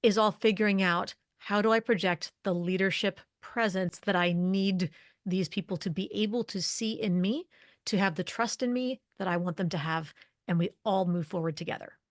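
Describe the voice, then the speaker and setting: Woman, expert guest, mid-range voice, clear explanatory delivery, dry booth sound. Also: mid-range voice, no echo. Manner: articulate, explanatory, lists points in quick series. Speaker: guest, leadership communication expert. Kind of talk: podcast interview.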